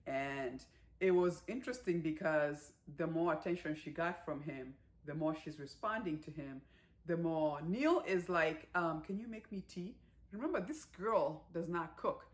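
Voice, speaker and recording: A woman giving a casual movie recap, chatty and animated, with lots of fillers and acted-out quotes. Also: sits low, a little slow. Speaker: movie reviewer.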